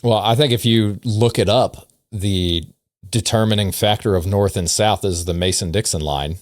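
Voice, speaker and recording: A man's voice: on the low side, normal speed, no echo, studio quality. A man hosting a casual podcast, rambling and wry, with self-deprecating asides. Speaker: podcast host.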